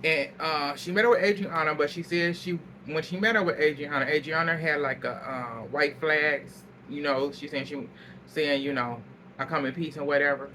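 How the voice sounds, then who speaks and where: Male recapper, animated and profane, cracks up often; bright, slightly high voice, faint noise. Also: moderate pace. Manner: animated storytelling, laughs a lot, salty language. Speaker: reality show recapper. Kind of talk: casual recap chat.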